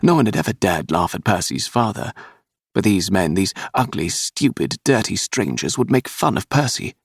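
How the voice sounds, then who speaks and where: A man narrating a historical romance audiobook in a dramatic, expressive reading. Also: deep voice, moderate pace, creaky, husky, dry recording, studio quality.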